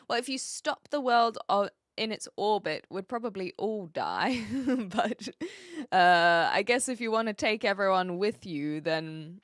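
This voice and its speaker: A woman's voice: medium pitch, a bit bright, smooth, dry recording, studio quality. A woman from New Zealand with a light Kiwi accent, chatting casually with viewers on a live stream, laughing often as she answers their messages.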